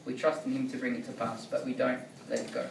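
A man's voice: mid-range voice, little pitch movement, quick pace, creaky, background noise. A man giving a sermon in a conversational way, often checking in with "right?". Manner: conversational, keeps asking "right?". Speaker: preacher. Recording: echoey room, distant mic.

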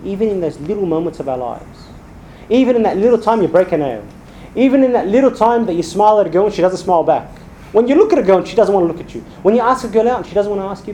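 A man's voice: high-pitched, warm tone, slight background noise, low-quality recording. A man preaching a sermon as a priest, emphatic and building through repeated rhetorical lists.

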